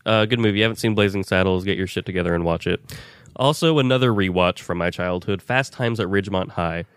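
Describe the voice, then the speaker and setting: Man, very low voice, smooth and resonant, sarcastic, profane, dry close sound. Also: fast talker, dry recording. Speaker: podcast co-host. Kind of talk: casual comedic chat.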